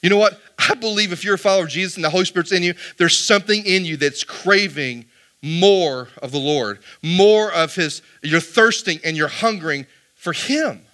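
A man's voice: sits high, moderate pace, bright, forceful tone. A man preaching a sermon as pastor, reading scripture aloud and firing rhetorical questions at the congregation. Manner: reads scripture aloud between remarks.

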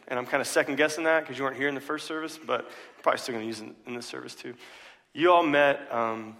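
Casual pastor with a raised voice in a reverberant hall. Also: male voice, a little high, pushed and bright. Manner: casual, joking, many "uh" fillers. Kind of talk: sermon. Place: church sanctuary. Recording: long reverb of a large hall.

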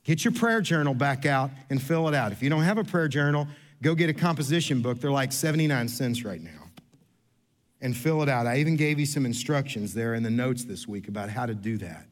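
A man's voice: medium pitch, brisk. A man preaching a sermon as pastor, telling a story in a chatty, self-deprecating way with many restarts. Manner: chatty, self-deprecating, restarts often, acts out quoted people. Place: church sanctuary.

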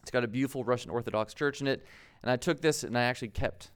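A man's voice: medium pitch, fast, smooth. A man in his thirties from the United States, preaching a conversational sermon as pastor, laughing at himself now and then.

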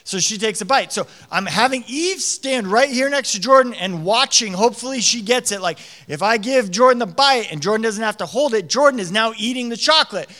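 A man in his thirties with a high, bright, forward voice delivers a sermon like a relaxed chat. He tells stories animatedly and leans on casual "like" and "um" fillers as he goes. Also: fairly quick, hardly any pauses. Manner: animated storytelling with frequent "like" fillers. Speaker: preacher. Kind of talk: conversational sermon.

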